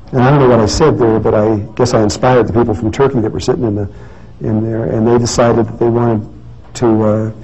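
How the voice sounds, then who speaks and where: A man with a mellow, mid-range voice tells a story during a casual talk, rambling with plenty of restarts and fillers. The recording is dull and lo-fi with faint noise.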